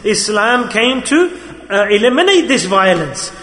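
High, bright-voiced male preacher. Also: sing-song, measured pace. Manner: storytelling preacher, switches between loud emphasis and quiet asides. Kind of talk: sermon. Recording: long hall reverb.

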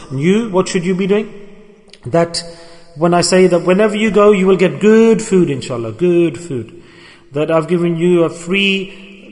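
A man preaching a sermon, animated and lively, acting out the people he quotes and mixing religious terms into his talk. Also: high-pitched, in a large hall. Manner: animated, acts out quoted people, mixes Arabic and Urdu terms.

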